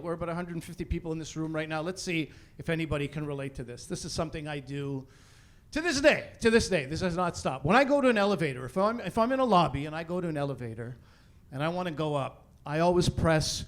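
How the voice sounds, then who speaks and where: A man in his forties works a live theatre crowd with a fairly high, animated voice, sliding from mock exasperation into loud shouted punchlines. He speaks into a handheld stage mic. A faint hum of the room sits behind him. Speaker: stand-up comedian. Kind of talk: stand-up comedy set.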